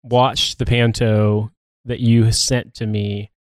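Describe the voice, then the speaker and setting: A man's voice: on the low side, little pitch movement, takes it slowly, dry recording, studio quality. A man from the United States co-hosting a podcast, chatting casually with sardonic, sweary jokes. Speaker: podcast co-host. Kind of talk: casual comedic chat. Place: home recording room.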